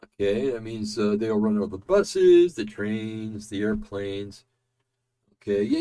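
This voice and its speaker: A man's voice: on the low side, mellow. A man hosting casual political commentary, tired and yawning, rambling with many fillers and restarts.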